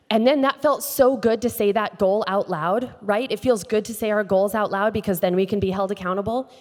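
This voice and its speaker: A woman giving an inspirational speech on a conference stage, telling a personal story with expressive delivery and acting out the dialogue. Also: medium pitch, brisk, hardly any pauses. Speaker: keynote speaker. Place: conference stage in a large hall. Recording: long hall reverb.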